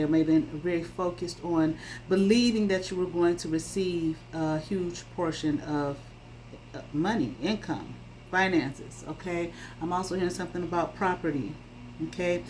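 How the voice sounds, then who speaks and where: A woman's voice: on the low side, a little mellow, slight background noise, low-quality recording. Emphatic woman giving a tarot reading. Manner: emphatic, checks in with frequent "okay?"; blunt, swears freely. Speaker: tarot reader. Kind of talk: casual spoken tarot reading.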